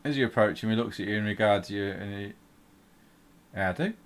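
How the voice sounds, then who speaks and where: A game master narrates a fantasy tabletop game in a slightly low voice. He often stops and restarts his sentences as he describes the scene. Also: fairly even intonation, smooth. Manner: halting, with many fillers and restarts.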